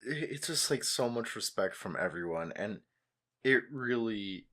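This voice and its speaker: This is a man co-hosting a podcast in a low voice. He talks slowly and in a measured way. His talk is reflective and easygoing. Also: expressive, fairly bright tone. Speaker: podcast co-host. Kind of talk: casual chat.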